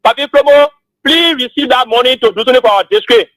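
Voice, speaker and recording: A man's voice: very high-pitched, fast, a bit bright, no echo, poor audio. A man calling into a radio show, polite and thanking repeatedly. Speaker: caller.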